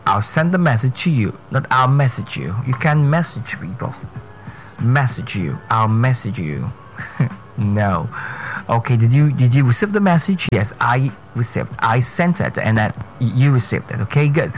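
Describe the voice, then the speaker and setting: A man hosting a radio pronunciation lesson, spelling words out letter by letter and repeating each one slowly and carefully. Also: mid-range voice, slight background noise, low-quality recording.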